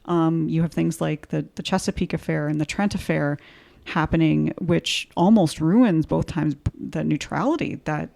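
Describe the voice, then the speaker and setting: Canadian woman co-host, creaky voice, chatty and halting. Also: deep voice, warm tone. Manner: chatty, halting with ums and restarts. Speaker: podcast co-host. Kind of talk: casual podcast chat.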